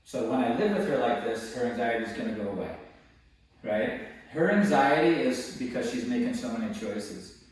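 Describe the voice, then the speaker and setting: A man teaching dog training, explaining calmly and switching to high coaxing praise for the dog. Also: normal speed. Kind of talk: hands-on training lesson. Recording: very echoey, distant mic, faint noise.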